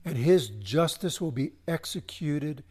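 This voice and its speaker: A man preaching a sermon, swelling to emphasis and slowing into solemn pauses. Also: fairly high pitch, lively intonation, a little mellow, slightly rough. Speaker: pastor.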